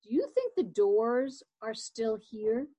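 A woman reading aloud, voicing a brisk, determined older sister in a children's story. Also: fairly high pitch, sing-song, warm tone, full character voice.

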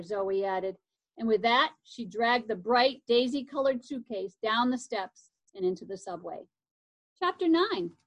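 A woman reading a children's chapter book aloud, expressive and lively, stumbling and correcting herself now and then. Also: mid-range voice, unhurried, husky, dry recording.

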